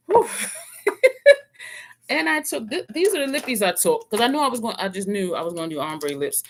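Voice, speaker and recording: A beauty vlogger talks through their makeup in a loose, chatty way, often stopping to correct a product name. The voice sits at a middle pitch, and playful asides and small laughs come up now and then. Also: big pitch swings, fairly quick. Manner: chatty, rambling product rundown with self-corrections. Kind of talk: casual makeup review chat.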